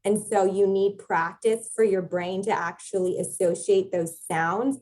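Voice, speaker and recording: A woman's voice: medium pitch, steady tone, unhurried, darkish tone, low-quality recording. A young adult woman, a Latin teacher, explaining at length as a podcast guest in a thoughtful way with frequent filler words. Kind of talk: casual conversational interview.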